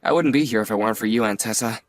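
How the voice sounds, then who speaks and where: A young man playing a newly engaged nephew who is earnest and gently apologetic. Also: fairly low pitch, rapid-fire, natural voice. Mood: grateful. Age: young adult. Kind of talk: scripted dialogue drama.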